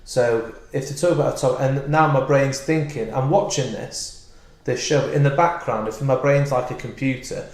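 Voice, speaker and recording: A man's voice: medium pitch, normal speed, few pauses, a little mellow. A man who is a comedian, chatting loosely as a podcast guest, rambling and restarting his thoughts. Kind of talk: casual podcast chat. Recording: roomy echoey room.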